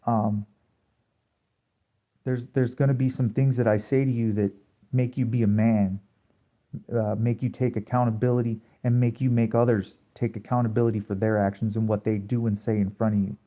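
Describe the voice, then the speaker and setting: Late at night on a home livestream, a man preaches confrontationally to his audience, swearing freely and throwing out rhetorical questions. His voice is fairly low and warm, with little pitch movement, at normal speed.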